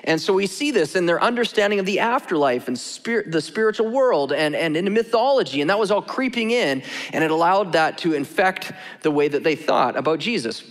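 A man preaching with a high, lively voice that rises and falls freely, casual and joking in tone. He speaks in a church sanctuary where a long hall reverb trails every phrase. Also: fairly quick. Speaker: pastor. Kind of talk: sermon.

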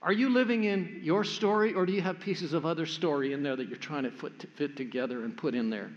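Older man, pastor, storytelling sermon, higher pitched voice, dull sound. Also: a little fast. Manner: storytelling, acts out family voices. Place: church sanctuary. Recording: echoey hall, dull sound.

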